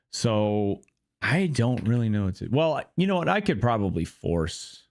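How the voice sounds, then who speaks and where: Low, slow, dry-voiced gaming host. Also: male voice, no room sound. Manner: rambling, profane, frustrated grumbling. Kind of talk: casual gameplay commentary.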